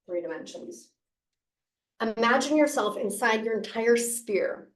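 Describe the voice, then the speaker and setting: A woman leadership coach giving an expressive, playful motivational talk to camera. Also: on the high side, roomy sound. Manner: expressive, playful, with gasps and laughs.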